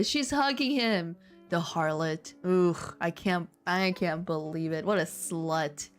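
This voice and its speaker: A woman's voice: lowish voice, slow pace, faint music behind. A woman reading fanfiction aloud with sarcastic, laughing commentary.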